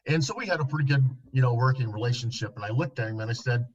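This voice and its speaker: A man, a licensed counselor, earnestly recounting a therapy session in a podcast interview, often dropping to a soft, low voice. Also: racing, dull audio.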